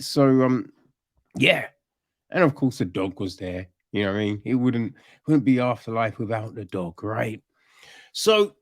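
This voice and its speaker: Rambling, exasperated man, close and dry. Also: no echo. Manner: rambling, exasperated, swears and rants with rising pitch. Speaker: podcast host reviewing a TV series. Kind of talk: casual solo review.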